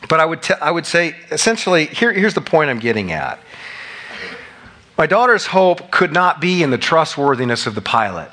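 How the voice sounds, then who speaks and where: Middle-aged man, pastor. Bright, slightly high voice, animated sermon delivery with emphatic peaks. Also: moderate pace. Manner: animated, conversational preaching with rising emphatic peaks.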